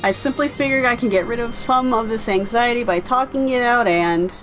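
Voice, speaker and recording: A woman voicing an anxious, earnest young man who talks a lot to calm his nerves. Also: fairly high pitch, fairly quick, faint music behind, natural voice, poor audio.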